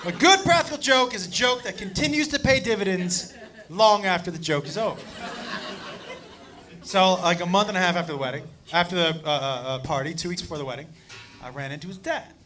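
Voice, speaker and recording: A male stand-up comedian telling a crude story, animated and loud, shouting his punchlines. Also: high voice, fairly quick, soft background music. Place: comedy club stage. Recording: live club set with audience laughter and noise. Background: audience laughing.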